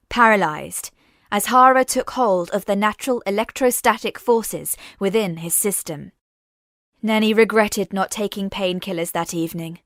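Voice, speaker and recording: A woman narrating a sci-fi story in a measured, dramatic reading. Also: medium pitch, a bit bright, no echo, clean studio sound. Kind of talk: scripted audiobook narration.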